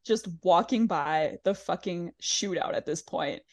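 Speaking a little slowly in a lowish voice, this podcast co-host swears her way through a casual, animated recap of a reality show. She performs the cast members' quotes herself.

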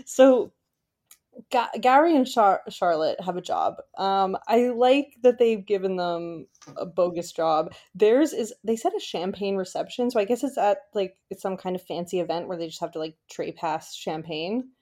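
A woman's voice: medium pitch, animated, moderate pace, hardly any pauses, a little mellow. A woman co-hosting a podcast in casual chat, rambling with lots of "like" and restarts and often giggling. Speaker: podcast co-host. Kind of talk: casual chat recapping a reality show.

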